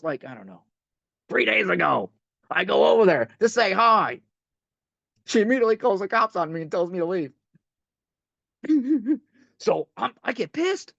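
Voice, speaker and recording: A man's voice: sits high, big pitch swings, moderate pace, gravelly, a bit bright, no room sound. A man leading a recovery step workshop in conversational teaching talk. He repeats himself and speaks straight to the group. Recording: dull lo-fi dry recording.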